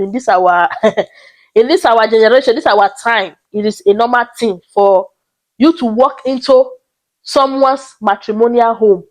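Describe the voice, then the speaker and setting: A young woman recounts a personal story for her vlog. Her voice sits a little high, and she tells it with dramatic, expressive flair, talking straight to her viewers. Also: rough recording. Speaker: vlogger.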